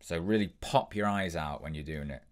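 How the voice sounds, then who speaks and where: A man's voice: sits low, moderate pace. A young man hosting an impressions tutorial, explaining tips in an upbeat, step-by-step way. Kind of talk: instructional tutorial.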